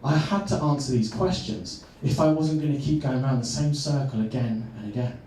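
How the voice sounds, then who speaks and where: A man, a coach, telling a personal story earnestly and slowing down for emphasis. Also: mid-range voice, dark tone, a little hiss or hum. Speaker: transformational coach. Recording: echoey room, far from mic.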